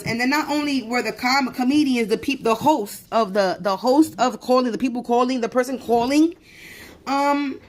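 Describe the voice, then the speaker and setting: Heated New woman venting. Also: fairly high pitch. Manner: heated, profane storytelling with many restarts. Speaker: livestreamer. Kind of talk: venting casual monologue. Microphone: phone.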